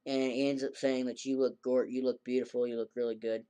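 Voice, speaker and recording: A man's voice: medium pitch, flat delivery, a little fast, warm tone, clean tone. A man casually recapping an anime episode in a rambling way, acting out the characters' lines in a raised voice. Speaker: anime reviewer.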